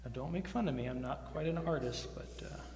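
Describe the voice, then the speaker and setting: Performing as a stage magician in a large, roomy hall before a live audience, a man teases his volunteers with playful patter. His voice is fairly high, a little fast and a little mellow, recorded with hall echo and faint music.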